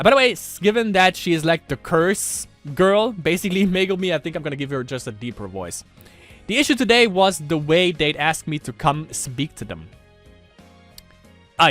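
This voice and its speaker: Brief: chatty gamer guy, lively swinging pitch, somewhat high, faint music behind. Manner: animated, laughs often, rambling asides. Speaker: let's play gamer. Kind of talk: casual game commentary and reading aloud.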